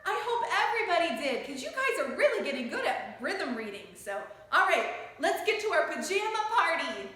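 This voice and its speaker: A woman's voice: very high voice, sing-song, a little fast, few pauses, fairly bright tone. A woman teaching a children's music lesson, encouraging the class as she sings and chants rhythms along with them. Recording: echoey room.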